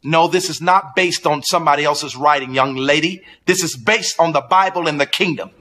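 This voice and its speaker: A man's voice: on the high side, normal speed, pushed and bright, a little hiss or hum. A preacher ranting angrily at his viewers in a combative, commanding way. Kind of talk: angry live-stream rant.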